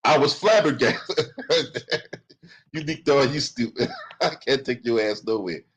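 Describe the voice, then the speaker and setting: A man's voice: medium pitch, expressive, a little slow, fairly bright tone, slightly rough, poor audio. A man hosting a commentary channel, reading from a lawsuit and breaking into profane, sarcastic rants.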